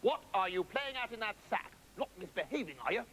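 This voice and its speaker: A man's voice: high voice, very animated, a little fast, a bit bright, a little hiss or hum, low-quality recording. A man voicing a stern, pompous old schoolteacher.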